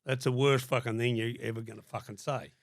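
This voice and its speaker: Gravelly, blunt older Australian man. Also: medium pitch, fairly even intonation, a little fast, no room sound, clean studio sound. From Sydney, Australia. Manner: blunt, heavy swearing, acts out quoted dialogue. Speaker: podcast guest. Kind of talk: casual storytelling.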